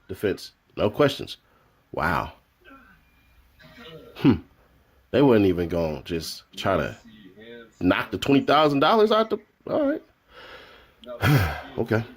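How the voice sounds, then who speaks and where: Low-voiced man reading courtroom notes aloud. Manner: reads quotes aloud in raised voices, adds joking asides. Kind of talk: casual live-stream reading.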